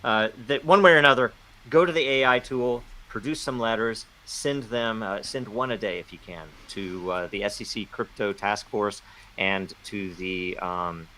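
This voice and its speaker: Male guest, low-pitched and bright, halting delivery. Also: slight background noise, rough recording. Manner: halting, many fillers and restarts. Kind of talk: casual call-in chat.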